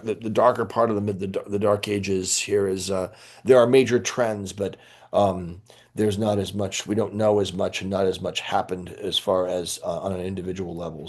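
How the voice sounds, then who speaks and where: A man's voice: lowish voice, darkish tone. A middle-aged man, a priest teaching church history, lecturing informally and rambling with many fillers and restarts. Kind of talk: informal lecture answering questions.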